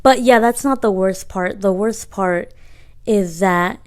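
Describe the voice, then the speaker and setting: A woman's voice: medium pitch, slow. A woman in her twenties telling a story in casual, slangy talk, re-enacting dialogue as she goes. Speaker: podcast co-host.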